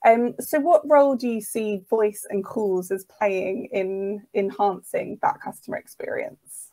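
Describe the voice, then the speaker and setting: A woman's voice: mid-range voice, fairly even intonation, measured pace, warm tone, poor audio. A woman hosting a business interview over a video call, asking questions in a friendly way with some fillers. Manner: friendly, with fillers and "mm" listening sounds. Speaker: host, editor.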